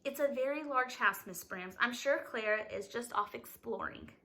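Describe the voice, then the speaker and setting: Lady reading as a calm rich lady, soothing, bright voice. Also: a little high, normal speed. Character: calm, gracious lady of a grand house.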